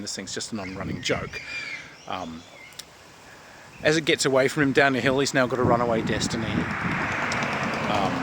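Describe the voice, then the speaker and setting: Over some background noise, a tabletop game host with a mid-range voice talks casually about games. He shares anecdotes and performs his players' lines in character.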